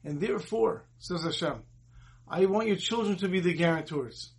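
Husky man giving a storytelling sermon. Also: sits high, moderate pace. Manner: earnest, retells dialogue in the story. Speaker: rabbi giving a Torah talk.

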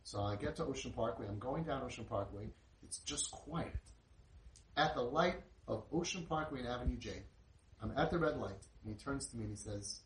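A middle-aged man, telling an inspirational story in an animated way and sprinkling in Yiddish and Hebrew words. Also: medium pitch, fairly quick. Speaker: inspirational speaker. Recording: roomy, distant mic with faint noise.

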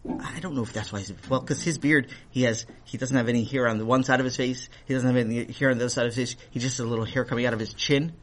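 A man voicing a gentle, patient father who quietly explains things to his young son in a children's story. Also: fairly even intonation, slight background noise, close to an everyday voice. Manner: soft, low and patient, explaining slowly.

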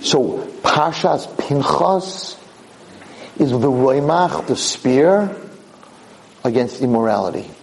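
A man giving a Torah lecture as a rabbi, telling a dramatic story with animated repetition. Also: mid-range voice, slow, creaky, pauses often, a little hiss or hum, poor audio. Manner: animated, repeats words for emphasis.

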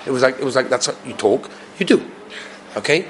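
A rabbi teaches a storytelling Torah class in a medium-pitched, expressive voice, talking fast. He acts out the voices of the people in his stories and asks frequent rhetorical questions of his listeners, with a little hiss or hum in the recording.

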